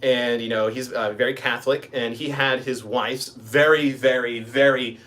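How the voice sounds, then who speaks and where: A man's voice: mid-range voice, fairly even intonation, moderate pace, a bit bright. A man from Kentucky hosting a casual livestream, rambling with many ums and restarts. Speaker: livestream host.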